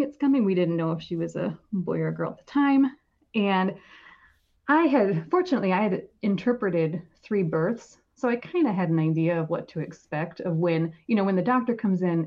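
A woman's voice: fairly low pitch, moderate pace, dull audio. Laughing woman in her forties. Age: 40s. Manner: animated, laughs often while telling a birth story. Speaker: podcast guest. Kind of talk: casual storytelling.

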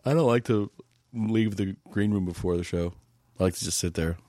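A man's voice: fairly low pitch, moderate pace, no room sound, clean studio sound. A middle-aged man, a comedian guest, talking casually in a rambling way and often restarting his sentences. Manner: relaxed, rambling, frequent restarts and "like". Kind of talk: casual chat.

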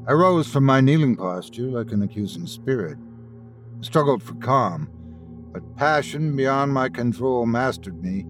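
A man hosting and narrating a classic ghost story in a dramatic, expressive reading. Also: mid-range voice, measured pace, faint music behind. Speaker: host and storyteller.

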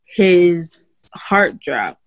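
This interview guest, a woman with a fairly low, sing-song voice, talks very slowly about how she was born, and the high frequencies are cut off. Chatty and casual, she restarts constantly, fills in with "like" and "you know," and performs others' words in a raised voice.

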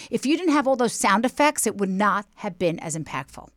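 A woman guest on a talk podcast, chatting casually and telling stories with emphatic, animated delivery. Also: a little high, a little fast, hardly any pauses, no echo, studio quality. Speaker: guest, reality TV personality. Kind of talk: casual chat.

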